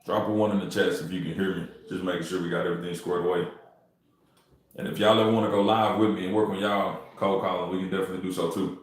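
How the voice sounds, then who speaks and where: A man's voice: sits low, flat delivery, fast talker. A man, chatting loosely with his livestream viewers while he makes cold calls. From Texas. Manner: loose, talks straight to the chat in slang. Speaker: real estate wholesaler streaming cold calls. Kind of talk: casual livestream chat. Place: home room. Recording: very echoey room.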